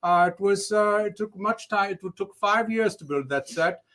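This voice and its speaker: A man's voice: high-pitched, moderate pace. A man hosting a livestream in a playful, theatrical way, joking through a mock art critique. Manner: goofy, theatrical, swings from loud declaiming to mumbling. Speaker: livestream host.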